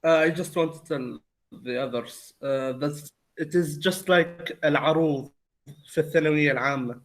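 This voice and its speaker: Fast-talking male student on a call. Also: a little high, a bit bright. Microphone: video call.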